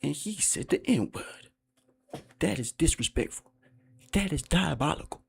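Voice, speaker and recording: A man putting on a mocking impression of a prim, overly polished male YouTuber, in an exaggerated high voice. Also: expressive, unhurried, creaky, exaggerated voice.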